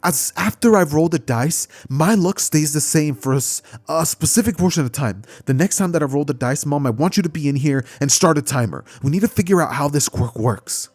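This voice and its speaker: An eager teenage boy, as a man puts him on with a slightly raised voice, insistent and rushing through his explanations. The pitch bounces lively, and the sound is close and dry. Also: dry recording. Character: earnest excitable teenage boy.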